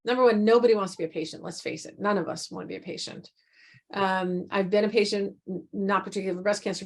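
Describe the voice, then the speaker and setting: Woman doctor explaining her approach. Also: medium pitch. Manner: measured, explaining, occasional restarts. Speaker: breast surgeon, physician. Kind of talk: explanatory interview answer.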